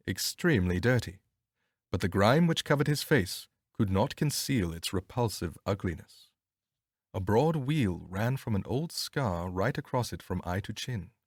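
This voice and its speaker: A man narrating a storybook, expressive and measured, letting his pitch rise and fall freely through each sentence. His voice is close and very dry, with no room sound around it. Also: no room sound. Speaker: audiobook narrator. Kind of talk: scripted audiobook narration.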